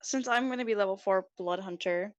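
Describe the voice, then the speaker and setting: A woman's voice: mid-range voice, a little fast, no echo, highs cut off. Brief: eager woman player, casual, bone-dry audio. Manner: excitable, reads rules aloud. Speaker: tabletop game player. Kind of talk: casual chat over voice call.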